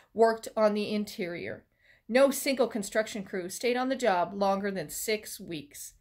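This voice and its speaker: A woman librarian reading a children's chapter book aloud with expressive storytelling. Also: on the high side.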